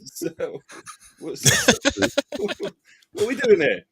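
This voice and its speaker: A man's voice: extremely high pitch, huge pitch swings, drawn-out words, vocal fry, fairly bright tone. A man, co-hosting a casual football chat, joking and laughing often. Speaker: podcast co-host.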